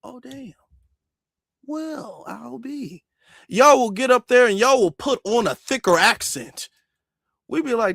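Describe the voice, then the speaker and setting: Exasperated male vlogger, high voice, dry close sound, keeps checking "okay?". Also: normal speed, a bit bright, dry recording. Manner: exasperated, repeats "okay?" to drive points home. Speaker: commentary vlogger. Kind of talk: opinion rant.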